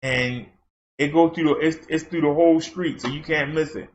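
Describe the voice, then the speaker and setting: Host, male, folksy and rambling, voice on the high side, dull recording. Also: steady tone, moderate pace, slight background noise. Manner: rambling, folksy storytelling with fillers. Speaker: channel host. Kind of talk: casual chat. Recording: dull lo-fi sound.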